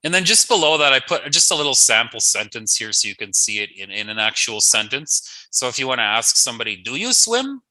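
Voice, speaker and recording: A man's voice: medium pitch, quick pace, few pauses, pushed and bright, no room sound, low-quality recording. A man teaching an online language lesson, patiently saying each word twice and adding playful asides.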